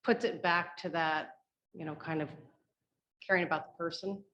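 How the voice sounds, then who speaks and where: Low-voiced female participant, candid and reflective, dull call audio. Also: fairly even intonation, moderate pace, sharp tone. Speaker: training participant. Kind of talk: casual discussion.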